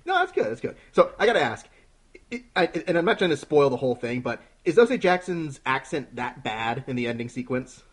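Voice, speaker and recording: A man hosts a casual film podcast with a husky edge to his voice. His pitch swings a lot as he rambles through the agenda, and he breaks into laughter often. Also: very animated, a little fast. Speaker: podcast host. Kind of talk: casual chat.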